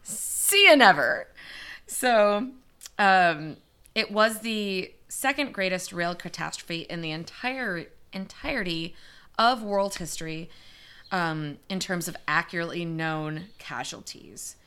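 A woman's voice: on the low side, unhurried, bright, forceful tone, clear, resonant tone. A young woman co-hosting a podcast, casually recounting a disaster story with fillers and the odd curse word. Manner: chatty, swearing, many fillers. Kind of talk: casual chat.

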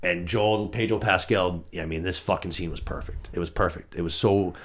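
Male podcast host, 30s, lower voice, casual and profane, tells stories with energy. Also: fairly quick. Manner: animated, profane scene recap. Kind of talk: casual chat.

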